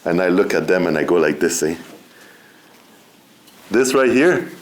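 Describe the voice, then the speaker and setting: A middle-aged man speaking as a guest at a seminar, relaxed and conversational, often saying "you know" and laughing between points. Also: sits low, a little slow. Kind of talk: informal spiritual talk.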